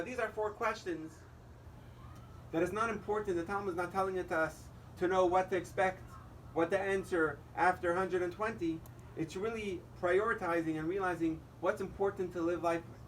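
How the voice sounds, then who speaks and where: A man's voice: high-pitched, distant mic, slight background noise, low-quality recording. A male rabbi giving a holiday sermon, telling a joke as a story and acting out the dialogue. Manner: storytelling, quoting characters in dialogue.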